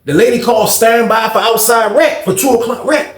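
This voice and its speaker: A man casually telling a story in heavy street slang, animated and acting out the people he quotes. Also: very high-pitched, fairly quick. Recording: roomy echo.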